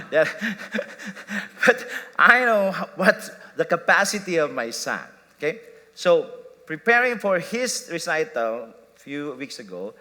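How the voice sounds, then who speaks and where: A man's voice: high voice, very animated, slow, pushed and bright. A man preaching a sermon, telling a family story and laughing at himself as he quotes his sons and wife. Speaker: pastor. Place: church sanctuary. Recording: long church hall reverb.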